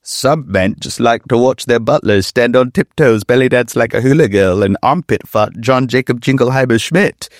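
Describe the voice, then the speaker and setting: A man's voice: mid-range voice, moderate pace, few pauses, no room sound, natural voice. Guy doing a rambling speech guy, earnest, weirdly specific, dry sound. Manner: earnest, oddly specific lists.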